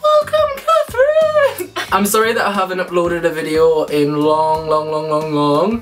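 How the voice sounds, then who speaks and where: A woman's voice: deep voice, flat delivery, moderate pace, recorded from a distance, faint music behind. A woman hosting her own vlog, chatting casually and playfully with a friend and laughing often. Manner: giggly, playful banter. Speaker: vlog host. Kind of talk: casual chat.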